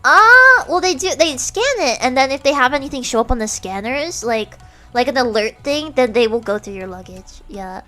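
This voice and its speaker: A young woman streamer in casual chat, animated and giggly, filling her talk with "like" and "oh my gosh". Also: sits high, moderate pace, faint music behind. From United States. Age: young adult. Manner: animated, giggly, heavy use of filler words. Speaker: streamer host.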